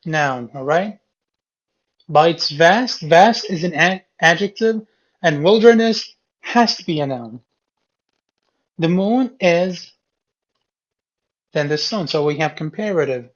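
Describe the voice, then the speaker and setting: A man's voice: a little high, animated, slow, long pauses. A man teaching a class and going over a reading quiz. He explains each question step by step and repeats key words patiently. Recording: dull lo-fi classroom recording.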